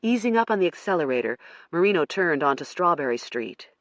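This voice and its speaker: An audiobook narrator reading a first-person crime thriller in a measured storytelling manner. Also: mid-range voice, big pitch swings, fairly bright tone, no echo.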